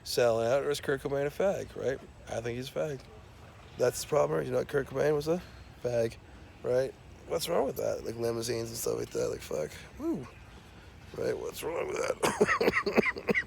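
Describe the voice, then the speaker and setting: A man rambles through a profane comic rant, stumbling over fillers and restarts. His voice is rough and gravelly, sitting at an ordinary male pitch. A faint hum of room noise sits underneath. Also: normal speed, darkish tone. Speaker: self-described scientist.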